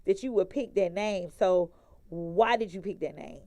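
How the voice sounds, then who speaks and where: A woman's voice: fairly low pitch, moderate pace, warm tone. A woman hosting a live interview show, chatting loosely and laughing easily. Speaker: show host.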